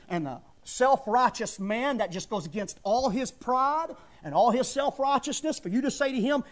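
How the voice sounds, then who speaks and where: A man's voice: very high-pitched, big pitch swings, moderate pace. A middle-aged man preaching a sermon in a fervent, folksy style, building to emphatic bursts.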